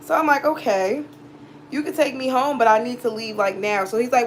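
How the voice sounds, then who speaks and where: A woman's voice: fairly high pitch, a little fast, fairly bright tone, slight background noise, poor audio. A woman, hosting a casual storytime vlog. She speaks bluntly and profanely and acts out both sides of every conversation. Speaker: tarot reader and channel host.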